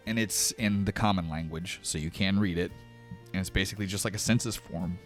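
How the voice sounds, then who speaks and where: A man narrating a tabletop game as game master, in a lively storytelling manner with casual fillers. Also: deep voice, a little fast, soft background music.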